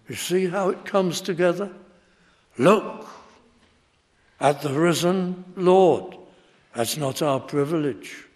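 A man preaching a sermon, emphatic and building in intensity as he speaks. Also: a little high. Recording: long reverb of a large hall.

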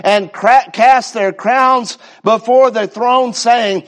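High-voiced fervent male preacher. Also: steady tone, a bit bright. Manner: fervent preaching, slow drawn-out repetitions, stammering restarts. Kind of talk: sermon.

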